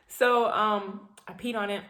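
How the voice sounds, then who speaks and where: A young woman in her twenties tells a story for her vlog, talking casually and dramatically. Her voice is animated and playful, and she often breaks into laughter. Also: mid-range voice, reverberant. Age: 20s. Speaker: vlogger.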